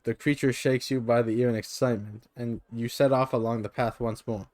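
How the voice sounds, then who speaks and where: A man reads an interactive gamebook aloud on a live stream, steady narration broken by offhand asides. His voice sits in a middle range, and the mic sounds dry and close. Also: medium pitch, fairly quick, hardly any pauses, no echo. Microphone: streaming microphone.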